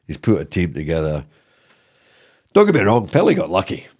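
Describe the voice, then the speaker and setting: Low-voiced man telling rambling football stories. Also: a little fast, breathy edge. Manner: animated, rambling, lots of repeated starts and "you know what I mean". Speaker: guest, former footballer. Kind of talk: casual interview storytelling.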